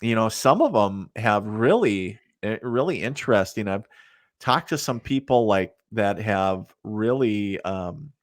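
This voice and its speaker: Low-voiced middle-aged man telling stories. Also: animated, a little slow, dry recording, clean studio sound. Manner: rambling, many fillers, laughs at his own stories. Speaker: guest, psychic medium. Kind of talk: casual storytelling in a podcast interview.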